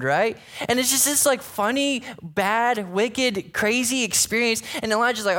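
A high-voiced man delivers a sermon as a pastor, keeping it casual and conversational. He tosses in quick "right?" check-ins with the congregation and acts out scripture scenes with lively retellings. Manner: conversational preaching, frequent "right?" asides, animated retellings.

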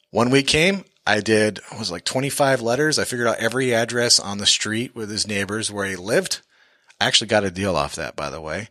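A man's voice: on the low side, a little fast, pushed and bright, no room sound, studio quality. A man who invests in real estate tells a story from his own deals on a podcast, bluntly and full of profanity.

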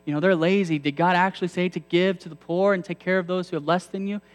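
A man's voice: sits high, steady tone, fast talker, natural voice. A man voicing a sly, scornful male devil who sneers and casts doubt in his questions.

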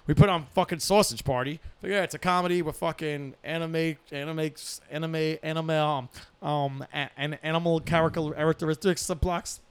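A man's voice: on the high side, fairly even intonation, moderate pace, hardly any pauses, clear, resonant tone, no room sound. A man co-hosting a podcast in casual chat, blunt and profane, ranting about what he can't stand. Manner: blunt, profane, opinionated rants. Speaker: podcast co-host.

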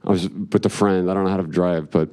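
A man's voice: low-pitched, fairly even intonation, quick pace, warm tone. A man telling a rambling personal story on stage, with profane, wry asides. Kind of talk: live storytelling with jokes.

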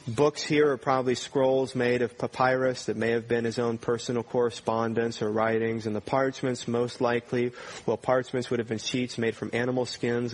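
Earnest male pastor preaching. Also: mid-range voice. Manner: earnest, direct questions to the congregation. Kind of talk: sermon.

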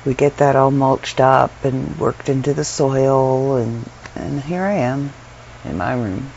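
Tired, chatty woman with a gravelly voice. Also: very deep voice, slow pace, a little mellow. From Canada. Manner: chatty and rambling, frequent ums and laughs. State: unwell and tired. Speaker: vlogger. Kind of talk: casual chat to camera. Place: her bedroom at home. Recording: dull lo-fi sound with faint room noise.

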